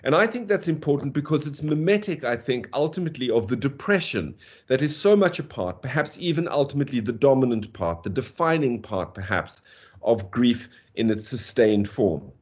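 A man's voice: medium pitch, normal speed, slightly rough. Guy lecturing on poems over a video call, says uh and okay a lot, chants de-dum beats. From South Africa. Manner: animated, rhythmic scansion aloud; frequent "uh" and "okay" fillers. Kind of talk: university lecture on poetry.

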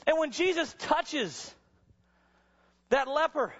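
A man preaching a sermon to college students, telling stories dramatically and sometimes rising to a shout. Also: very high-pitched, expressive, slow pace. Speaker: chapel speaker. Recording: dull sound with long hall reverb.

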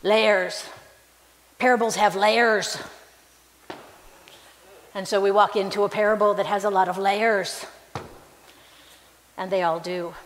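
A woman's voice: medium pitch, fairly even intonation, moderate pace, pauses often, a little hiss or hum. A woman pastor giving a sermon in a conversational, reflective way in a church. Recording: reverberant hall.

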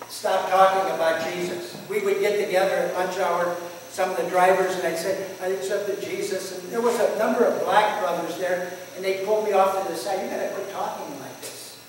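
High-voiced man in his eighties preaching. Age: 80s. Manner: folksy storytelling testimony, chuckling at himself. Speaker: pastor. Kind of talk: sermon. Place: church sanctuary. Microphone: distant room mic. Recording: echoey hall from far off, faint hiss.

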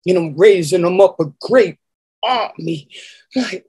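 A woman preacher giving an emotional spiritual testimony, moaning and sighing between phrases and pausing to collect herself. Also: on the low side, mellow, husky, rough recording.

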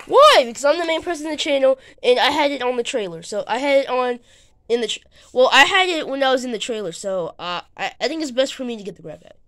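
Excitable high-voiced woman narrating toy play. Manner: excitable, bickering with itself, quick changes of voice. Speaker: channel host.

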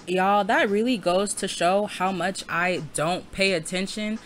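A woman's voice: medium pitch, a little slow, a little hiss or hum. A young adult woman giving casual, laughing gameplay commentary, chatting to viewers with lots of slang and cursing. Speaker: Let's Play creator.

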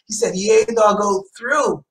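A man's voice: sits high, unhurried, a bit bright. A middle-aged man, a church elder, preaching a sermon and telling his own testimony, repeating phrases for emphasis. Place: church sanctuary. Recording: roomy church echo.

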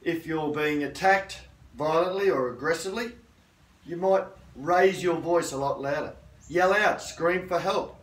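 Firm middle-aged karate instructor, roomy. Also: male voice, fairly high pitch, measured pace. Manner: firm, assertive, checks in with "okay?". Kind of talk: self-defence lesson. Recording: roomy sound from a distant mic.

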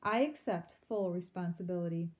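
A woman's voice: on the low side, normal speed, close to an everyday voice. A woman doing a mournful, sulky father mouse. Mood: gloomy. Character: gloomy father mouse, self-pitying and bitter.

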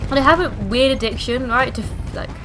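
A woman's voice: high voice, brisk, noisy background. A young woman with a cough, giving hyper, swear-filled commentary on a game she plays. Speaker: gaming channel host. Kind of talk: let's play commentary.

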